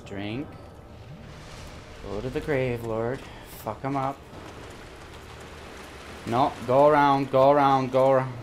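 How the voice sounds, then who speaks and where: A young man doing profane let's-play commentary on a blind playthrough, muttering to himself and trash-talking a boss between yelling bursts. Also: mid-range voice, level tone, unhurried, pauses often, slight background noise. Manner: swings from muttered self-talk to yelling bursts. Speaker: gaming YouTuber.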